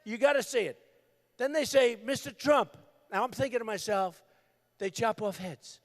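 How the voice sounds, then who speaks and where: A man giving a campaign rally speech, emphatic and repetitive, breaking into shouted bursts. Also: extremely high pitch, normal speed. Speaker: political candidate.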